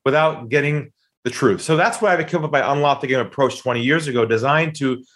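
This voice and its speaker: A man's voice: medium pitch, brisk, a bit bright. A man telling a dramatic story about a sales call, acting out the quoted voices with emphatic delivery. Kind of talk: animated storytelling.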